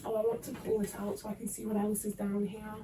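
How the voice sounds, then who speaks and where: This young vlogger's mid-range voice is completely flat and quick as she packs boxes in her room, keeping viewers company as a body double. Her anxious, rambling talk has swearing, trail-offs and restarts, recorded on a distant mic with faint noise.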